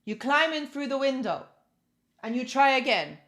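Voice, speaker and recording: A woman imitating her father, a man with a strong accent giving loud, emphatic advice. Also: sits high, sing-song, normal speed. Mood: insistent.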